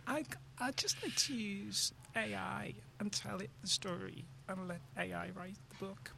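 Woman, very gravelly voice, frank, casual chat. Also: mid-range voice, steady tone, measured pace, pushed and bright, a little hiss or hum.

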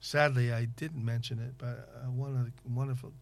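A man interviewing in casual conversation, rambling and halting with many fillers and restarts. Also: medium pitch, steady tone.

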